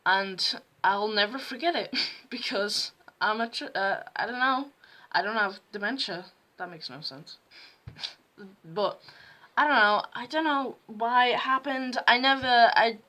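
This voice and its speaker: A woman's voice: a little high, measured pace, sharp tone. A teenage girl telling rambling, self-mocking stories to camera at home. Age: teens. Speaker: vlogger. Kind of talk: casual storytime chat to camera.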